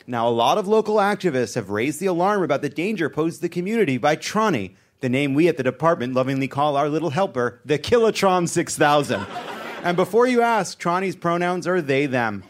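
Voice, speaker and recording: A man anchoring a satirical comedy news segment, delivering jokes deadpan and breaking into asides. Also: fairly high pitch, brisk.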